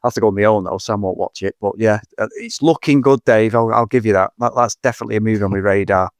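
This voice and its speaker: A man's voice: on the low side, fast talker, dry recording, clean studio sound. A middle-aged man co-hosting a casual film-review chat, rambling, swearing often and talking enthusiastically. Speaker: podcast co-host.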